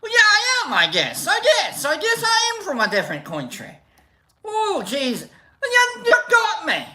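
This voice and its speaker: A man putting on a nervous foreign guy trying hard to pass with an American accent, rambling in a high voice. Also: huge pitch swings, fast, sharp tone, echoey room, full character voice. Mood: flustered.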